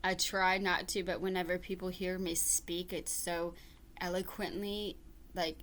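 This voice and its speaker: A woman's voice: on the low side, level tone, unhurried, a bit bright, a little hiss or hum. A woman hosting a reaction video, giving casual commentary in a sarcastic, mocking way.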